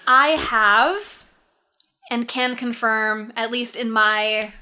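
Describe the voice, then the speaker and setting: A woman's voice: a little high, steady tone, drawn-out words, sharp tone, slight background noise. A woman on a casual podcast, talking candidly with crude humor and a lot of hesitant fillers. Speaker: podcast co-host.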